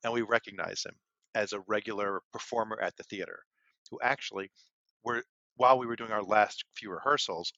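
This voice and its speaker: A man's voice: on the low side, brisk, bright, forceful tone, no room sound. A man co-hosting a podcast who tells stories casually and rambles. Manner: rambling, with frequent fillers. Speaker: podcast co-host. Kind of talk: casual chat and storytelling. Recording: dull, lo-fi and dry.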